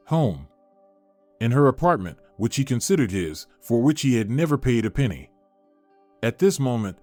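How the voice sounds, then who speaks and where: Man, story narrator, measured, lively pitch, dry sound, soft music under. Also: dry recording. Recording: dry close recording with faint music.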